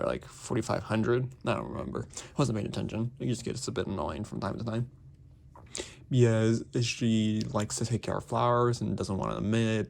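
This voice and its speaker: Rambling young man with a gravelly voice. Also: lowish voice, slight background noise. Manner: rambling, heavy on fillers like "like" and "basically". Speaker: book reviewer. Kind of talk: casual video review.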